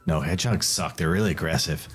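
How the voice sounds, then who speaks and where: A man's voice: rumbling low, quick pace, slightly rough, soft background music. A man with an Australian accent narrating a tabletop game as game master, playful and laughing often. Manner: playful, laughing, voices the innkeeper.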